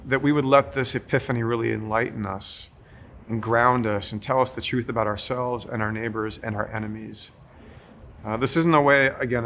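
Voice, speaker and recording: A man's voice: medium pitch, slight background noise. Reflective man leading a guided prayer. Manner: gentle, reflective, many pauses and fillers. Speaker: pastor. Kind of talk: guided imaginative prayer sermon.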